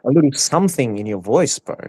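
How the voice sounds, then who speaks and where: A man's voice: medium pitch, lively intonation, quick pace, darkish tone, husky, no room sound. A man on a group voice call who speaks in a blunt, mocking way. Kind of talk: casual group call chat.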